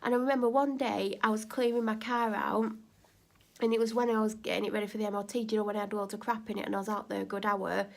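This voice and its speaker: A woman vlogging casually, retelling a neighbour dispute animatedly and getting louder at heated moments. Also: mid-range voice, fast talker, vocal fry. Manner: animated, rising to near-shouting when retelling an argument. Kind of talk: casual storytelling vlog.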